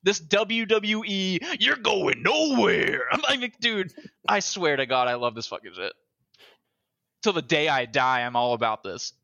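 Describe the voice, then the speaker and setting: A young man in casual podcast chat, excitable and swearing a lot, acting out lines as he talks. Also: a little high, normal speed, dull audio. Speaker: podcast co-host.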